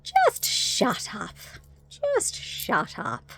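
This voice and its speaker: A woman voicing a little goblin man from a movie who bluntly tells a nagging voice to be quiet. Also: on the high side, huge pitch swings, extremely slow, gravelly, husky, no room sound, pitched above the performer's own voice, heavily acted. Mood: fed up. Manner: curt and dismissive.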